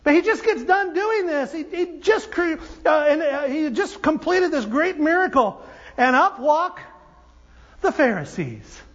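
A man pastor preaching a sermon in a church, an animated, joking storyteller who restarts his sentences. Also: extremely high pitch, unhurried. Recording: dull audio with long hall reverb.

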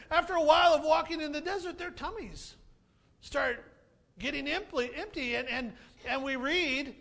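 High, gravelly, animated preacher man. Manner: animated, playful, repeats key phrases. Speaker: pastor. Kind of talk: sermon.

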